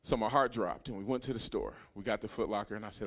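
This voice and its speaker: A man in his thirties doing a stand-up comedy set, telling a profane story that swings from hushed asides to loud punchlines. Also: lowish voice, steady tone, fast. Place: comedy club stage.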